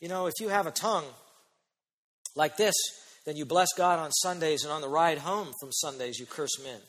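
High bright-voiced preaching man. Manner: emphatic preaching, stretching key phrases slowly. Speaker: pastor. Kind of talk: sermon. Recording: long hall reverb.

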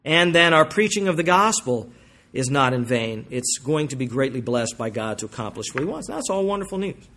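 A man preaching a sermon as pastor, emphatic, slowing down to stress key phrases and swinging between forceful and quiet passages. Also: a little high, a little hiss or hum.

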